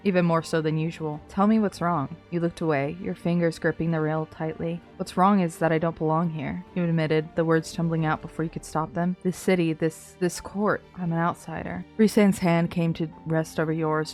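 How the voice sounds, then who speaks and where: A woman reading fanfiction aloud, hushed and soft in the story parts, with excited comments in between. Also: low-pitched. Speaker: content creator.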